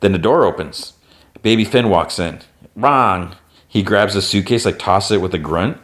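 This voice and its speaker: A man's voice: low-pitched, moderate pace, a bit bright, slight background noise. A man hosting a podcast, casually recapping a cartoon episode scene by scene. He uses a lot of "like" fillers and lifts his voice briefly when he quotes a character. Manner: retells plot with constant "like" fillers. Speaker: podcast host.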